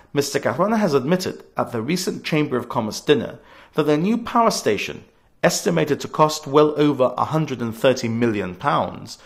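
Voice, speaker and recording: A man's voice: mid-range voice, vocal fry. A man of about forty, giving a scripted political radio address in an earnest, emphatic way, leaning hard on key words. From Gibraltar.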